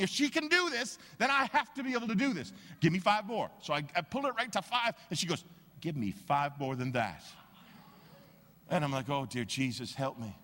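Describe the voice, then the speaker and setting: A man preaching a sermon as pastor, telling stories with animated, acted-out quotes. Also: high-pitched, in a large hall. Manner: animated storytelling, acts out quoted voices.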